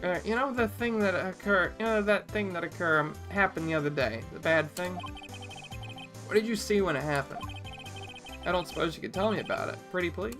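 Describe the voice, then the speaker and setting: A woman's voice: fairly low pitch, lively intonation, brisk, close to an everyday voice. A woman voicing a flustered young male defense lawyer who talks in a hesitant, stammering way, with game music behind.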